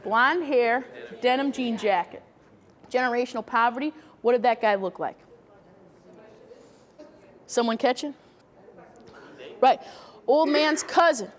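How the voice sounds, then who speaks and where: A woman's voice: fairly high pitch, a little slow, pauses often, long reverb tail. A woman presenting a training workshop, explaining step by step and asking the audience questions. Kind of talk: training talk.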